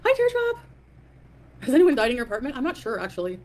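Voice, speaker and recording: A woman's voice: on the high side, expressive, very fast, darkish tone. A woman hosting a live stream, ranting in a defiant, dismissive way and greeting chat viewers. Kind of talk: casual live stream rant.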